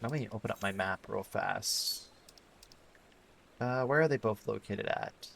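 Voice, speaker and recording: A man's voice: lowish voice, a little slow, gravelly, a bit bright, a little hiss or hum. Rambling man streaming a game. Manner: rambling, filler-heavy, thinking aloud. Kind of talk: casual gameplay commentary.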